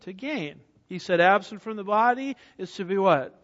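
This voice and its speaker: A man's voice: high-pitched, expressive, normal speed, a bit bright. A man preaching an expository sermon, emphatic, asking the congregation questions and answering them himself. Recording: dull sound with long hall reverb.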